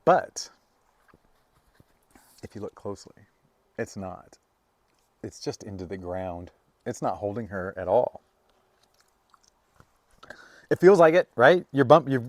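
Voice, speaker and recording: A man giving a casual, rambling tarot reading, full of fillers and restarts, now and then breaking into high, playful bursts. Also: no echo, clean studio sound. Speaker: tarot reader.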